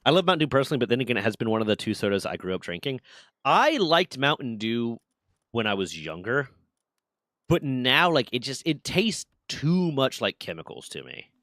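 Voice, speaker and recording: A man's voice: mid-range voice, brisk, dry recording, studio quality. A man in his twenties chatting casually on a game stream, telling stories with lots of swearing and acted-out quotes. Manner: animated storyteller, swears often, acts out quotes. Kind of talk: casual chat while gaming.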